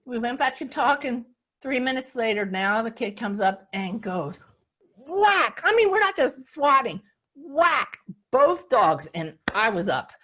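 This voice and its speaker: An older woman hosting a spiritual talk on a video call, telling a story with lively acted-out moments. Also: a little high, normal speed, hardly any pauses. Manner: animated storyteller, acts out scenes. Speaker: spiritual teacher and host.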